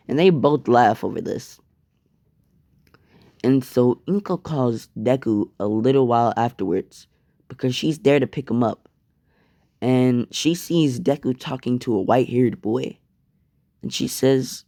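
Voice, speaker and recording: Young man, casual profane storyteller; slow delivery, dry close mic. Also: mid-range voice, vocal fry, dark tone, dry recording. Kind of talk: casual fan-fiction storytime.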